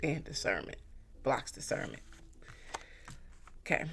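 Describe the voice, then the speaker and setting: Tarot reader, casual and blunt, mid-pitched, animated delivery with mocking asides. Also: a little slow, creaky, a little hiss or hum. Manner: animated, acts out quotes in mocking voices; blunt, talks straight to the viewer. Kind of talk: casual tarot reading to viewers.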